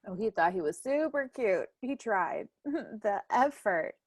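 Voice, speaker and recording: A young adult woman hosting a casual family podcast chat, an animated storyteller who laughs often and acts out quoted lines loudly. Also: mid-range voice, measured pace, no echo, clean studio sound. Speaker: podcast host.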